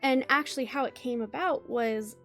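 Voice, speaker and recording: A woman co-hosting a podcast, speaking in an animated, emphatic way in candid casual chat. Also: sits high, moderate pace, soft background music. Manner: animated and emphatic, laughs easily. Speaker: podcast co-host.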